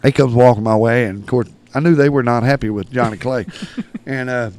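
Smooth-voiced man telling rowdy stories. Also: mid-range voice, fairly even intonation, a little fast. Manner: rowdy, laughing, acts out shouted quotes. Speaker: podcast guest. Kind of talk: storytelling in casual chat.

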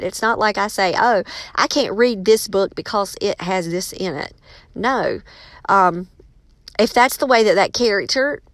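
A woman's voice: mid-range voice, no room sound. A woman, a teacher and author giving casual, emphatic advice and calling her listeners y'all.

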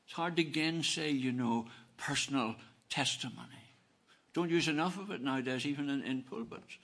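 A man preaching a sermon, earnest and emphatic, repeating phrases and swinging between soft and loud delivery. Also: mid-range voice, normal speed, vocal fry.

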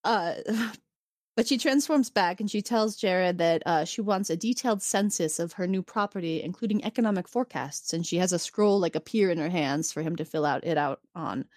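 A woman co-hosting a podcast, recapping an episode in casual chat and acting out the characters' lines with animated storytelling. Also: fairly low pitch, moderate pace, dry recording, studio quality.

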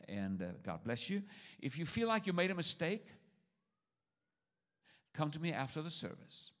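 A man with a foreign accent preaching a sermon in a church, switching between loud exhortation and quiet asides. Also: medium pitch. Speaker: traveling preacher. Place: church service.

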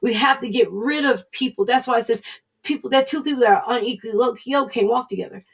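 A woman's voice: on the high side, fast talker, creaky, husky. A woman giving an earnest, conversational devotional Bible teaching, speaking encouragingly as a Bible study teacher.

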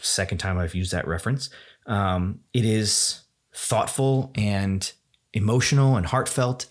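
A man hosting a solo podcast at home, rambling enthusiastically with many fillers and restarts. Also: mid-range voice. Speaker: podcast host. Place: home room.

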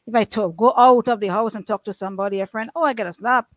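A woman's voice: on the high side, fast talker, no room sound, low-quality recording. A middle-aged woman telling her life story in an earnest, rambling way, with many restarts and loose grammar. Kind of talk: emotional personal testimony.

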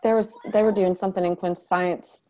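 A woman's voice: fairly low pitch, fairly quick. A woman, chatting casually and telling funny family stories. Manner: chatty storyteller, animated when quoting. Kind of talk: casual chat.

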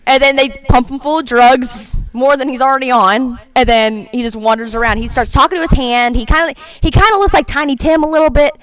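A woman co-hosting a casual podcast, recapping a horror movie with giggly, quick asides. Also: sits high, steady tone, a bit bright. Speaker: podcast co-host.

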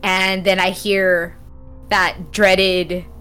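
A woman co-hosting a gaming talk stream, telling stories in an animated casual way and laughing often. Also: medium pitch, extremely slow, clean tone, faint music behind. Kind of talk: casual chat, storytelling.

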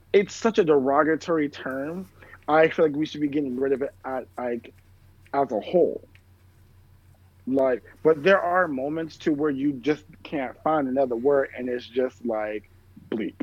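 A man's voice: a little high, moderate pace, no echo. A man in casual chat, telling stories in a rambling way, heavy on fillers and swearing. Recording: dull lo-fi sound, dry room.

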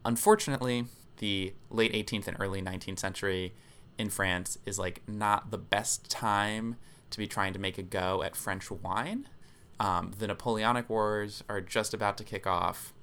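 A man's voice: on the low side, fairly even intonation, moderate pace, fairly bright tone, clean tone. A man co-hosting a podcast, explaining at length in casual chat with frequent ums. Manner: explanatory, many filler ums. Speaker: podcast co-host.

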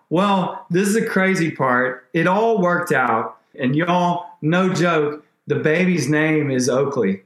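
Animated man in an echoey room. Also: a little high, takes it slowly, few pauses. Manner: animated, rambling, restarts often. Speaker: podcast guest. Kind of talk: emotional faith story in conversation.

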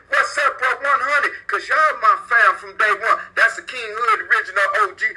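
A brash, profane man runs his own call-in show, shouting out friends and joking with listeners. His voice sits high and sounds very bright and sharp. He talks in a loose, freewheeling monologue. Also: low-quality recording. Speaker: podcast host.

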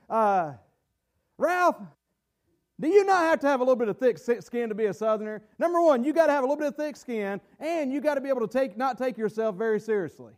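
A man with a Southern American accent preaching a sermon, folksy and digressive, breaking into emphatic bursts. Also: very high-pitched. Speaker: pastor.

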